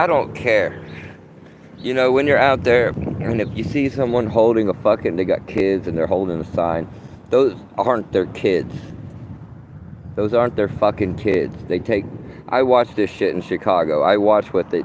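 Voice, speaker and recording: Man, deep-ish voice, profane livestream rant, agitated, rambling, outdoors, traffic noise. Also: normal speed. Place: outdoors, sitting beside a tree.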